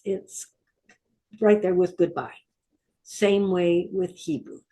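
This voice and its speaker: A woman's voice: fairly low pitch, dark tone. A middle-aged woman teaching a Hebrew vocabulary lesson, patiently repeating each word and asking listeners to say it with her.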